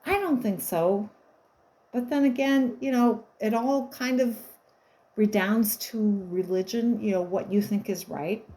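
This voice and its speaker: A woman's voice: medium pitch, measured pace, mellow, poor audio. A woman in her fifties telling stories in a casual monologue, rambling, wry and blunt, with the odd swear.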